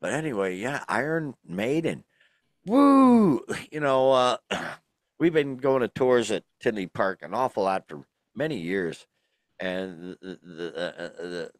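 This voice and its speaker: A man's voice: medium pitch, no room sound, clean studio sound. A middle-aged man, co-hosting a casual podcast and rambling through lots of fillers and restarts. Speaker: podcast co-host. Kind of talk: casual chat.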